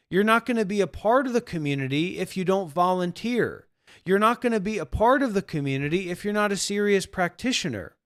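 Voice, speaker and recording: A man's voice: high-pitched, no echo, clean studio sound. A man who teaches spirituality, talking bluntly and profanely to viewers on a livestream. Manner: blunt and profane, acting out quoted voices.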